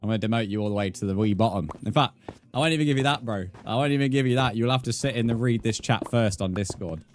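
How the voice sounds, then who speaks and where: A man with a fairly low voice chatting loosely with his live-stream audience. He banters, swears and makes mock threats at the chat, with faint music running underneath. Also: fast talker. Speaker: livestreamer.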